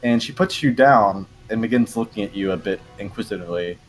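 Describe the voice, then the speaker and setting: A man's voice: fairly low pitch, fairly quick, faint music behind. A man narrating as game master in casual talk, hesitant with frequent ums.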